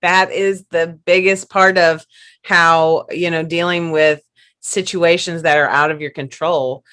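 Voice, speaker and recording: A woman hosting a casual podcast conversation, chatty and quick to laugh, often restarting and repeating her words. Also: lowish voice, steady tone, a bit bright, clear, resonant tone. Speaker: podcast host.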